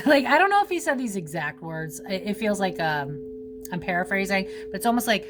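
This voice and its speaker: A woman's voice: medium pitch, sing-song, brisk, noisy background. A woman giving a casual psychic reading, rambling, full of fillers and casual swearing. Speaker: psychic reader.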